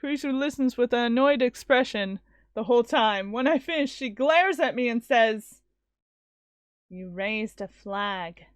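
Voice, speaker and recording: A woman streaming a visual novel, reading it aloud with expressive, casual commentary. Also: high-pitched, moderate pace, clear, resonant tone, no room sound. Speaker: let's-play streamer.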